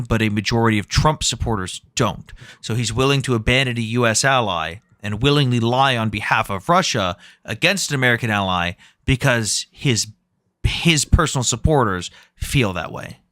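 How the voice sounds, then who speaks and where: A man's voice: fairly low pitch, bright, forceful tone, dry recording, studio quality. A man hosting a live debate stream, arguing bluntly, citing numbers and swearing freely. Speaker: debate livestream host.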